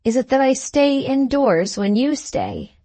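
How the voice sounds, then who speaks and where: A woman voicing a cold, sneering aristocratic husband in a slow, superficial drawl for an audiobook. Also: sits high, animated, mellow, dry recording, voice pushed up. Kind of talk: audiobook character reading.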